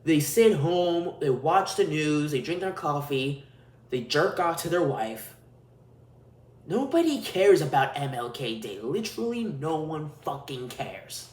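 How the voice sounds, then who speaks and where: A man's voice: on the high side, sing-song, unhurried. A man hosting a podcast, delivering a crude, profane, ranting solo monologue. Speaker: podcast host. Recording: roomy echo.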